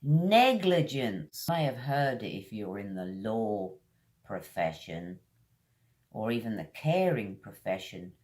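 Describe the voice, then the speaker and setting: A woman with a British accent teaching English vocabulary, drawing each word out slowly as she drills its pronunciation. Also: extremely low pitch, animated, a little mellow. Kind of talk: vocabulary lesson.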